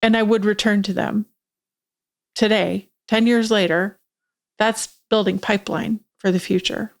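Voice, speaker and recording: A woman's voice: mid-range voice, steady tone, measured pace, vocal fry. A woman guest on a podcast, telling a reflective story in an earnest, sincere way. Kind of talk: conversational podcast talk.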